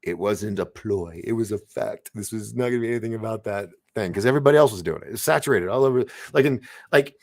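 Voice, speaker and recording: Male live-stream host, deep gravelly voice, casual and self-interrupting. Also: quick pace. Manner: rambling, self-interrupting, laughs often. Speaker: live show host reading chat.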